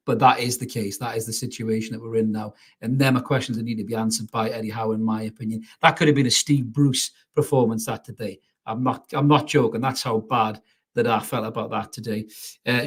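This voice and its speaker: A man's voice: mid-range voice, husky. A man hosting a live football reaction stream, ranting bluntly, swearing and reading out viewer comments. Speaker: football fan channel host. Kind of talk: live match reaction rant.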